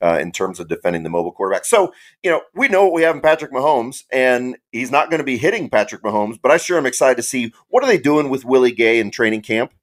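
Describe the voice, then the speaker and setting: Male guest from kansas city, animated storyteller, mid-pitched voice. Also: quick pace. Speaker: podcast guest. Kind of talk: casual sports podcast chat.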